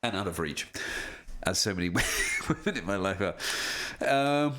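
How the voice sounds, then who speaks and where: A man's fairly low voice that swings up and down in lively bursts as he chats on a home live stream. He jokes at his own expense and reads his viewers' messages aloud in a loose, casual way. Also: measured pace. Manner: chatty, jokey, reads chat aloud, self-deprecating. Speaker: voice actor streaming a signing. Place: home room with lamps and streaming setup.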